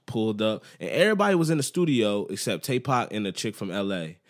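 A man's voice: fairly low pitch, fast. A man, a musician guest, chatting casually on a podcast and telling loose, slang-heavy stories. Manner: relaxed, slang-heavy storytelling.

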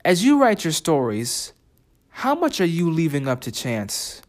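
A man's voice: fairly high pitch, wildly swooping pitch. A man teaching a writing lesson, reading quoted lines and asking the listener reflective questions. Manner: reflective, asks listeners questions, reads lyric quotes slowly. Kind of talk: spoken lesson comparing translations.

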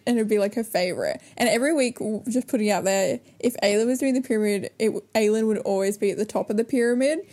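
A woman's voice: mid-range voice, fast talker, hardly any pauses, a little mellow. A young woman co-hosting a podcast, chatting casually and giggling with lots of fillers. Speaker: podcast co-host. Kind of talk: casual chat.

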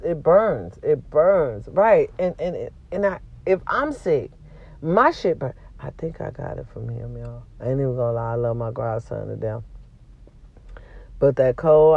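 With a bass-deep voice, a woman vents to her vlog audience, swearing freely and speaking bluntly despite a sore throat from a cold. Her volume keeps shifting between loud and quiet, and the recording has its highs cut off.

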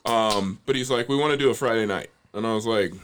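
A man's voice: on the low side, fast talker, clean tone. A man hosting a casual chat, telling stories with plenty of swearing. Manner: swearing, animated storytelling.

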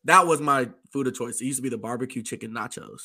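Brief: hoarse male co-host, bright forceful tone, excitable fan energy. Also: mid-range voice, quick pace. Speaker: podcast co-host. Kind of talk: casual chat.

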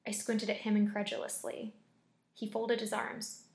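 A woman reading a scary story aloud in a measured, deliberate way. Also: mid-range voice, completely flat delivery, vocal fry. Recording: echoey room.

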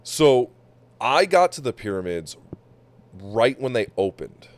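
A man's voice: mid-range voice, unhurried. A man hosting a podcast, telling a travel story in casual chat, swearing and acting out the people he met. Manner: animated storyteller, swears, acts out quotes. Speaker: podcast host.

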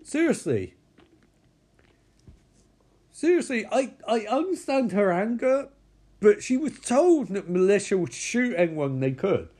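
A man's voice: sits high, measured pace, pauses often, husky. A man, casually recapping a film and acting out the characters' lines. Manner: animated, acts out characters' lines, swears a lot. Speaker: film commentator.

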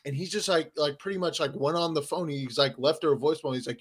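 Man, podcast co-host, casual chat, rambling with lots of fillers, profane, slightly high voice. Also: a little fast.

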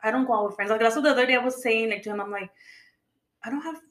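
Chatty woman in her thirties, fast and casual, code-switching, echoey room. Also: a little high, a bit bright. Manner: chatty, says "like" a lot, mixes in Spanish. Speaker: podcast co-host. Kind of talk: casual chat.

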